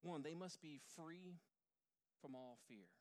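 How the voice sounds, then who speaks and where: Joking pastor preaching to a congregation. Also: male voice, a little high, slow, darkish tone. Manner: jokey, talks directly to the congregation. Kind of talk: casual conversational sermon. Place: church before a congregation.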